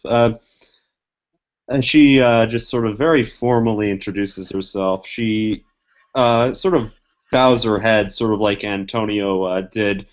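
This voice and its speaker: A man's voice: fairly low pitch, fairly even intonation. Hesitant man narrating his tabletop character. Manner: hesitant, halting. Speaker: player. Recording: muffled lo-fi recording.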